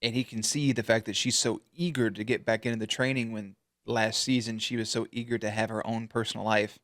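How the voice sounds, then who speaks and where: A man hosting a casual reaction video, talking in a slangy, profane, animated way. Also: lowish voice, a little fast, no room sound, clean studio sound.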